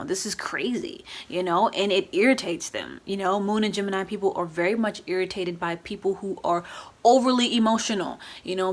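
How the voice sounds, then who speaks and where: A woman casually explaining astrology in a vlog, chatty, often adding "you know" and "right?", and acting out quoted moods in lively voices. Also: medium pitch. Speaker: astrology YouTuber.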